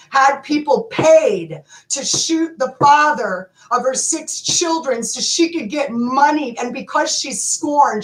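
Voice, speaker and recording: A woman's voice: high voice, echoey room, poor audio. A woman in an impassioned, profane rant, repeating her words for emphasis as she calls for justice. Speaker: advocate calling for justice. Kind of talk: impassioned direct-to-camera rant.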